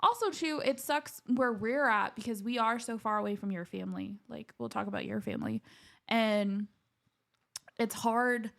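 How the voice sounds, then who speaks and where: A chatty podcast co-host, a woman whose fairly high voice carries a lot of gravelly fry. She talks in an animated, casual way and laughs easily. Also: moderate pace. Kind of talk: casual chat.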